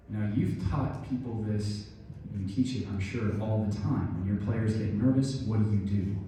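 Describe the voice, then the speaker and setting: A middle-aged man with a lowish, warm voice speaks at normal speed, recorded off-mic in a very echoey room with a little hiss or hum. He gives an instructive talk on stress and injury, explaining points, addressing listeners directly and guiding a breathing exercise.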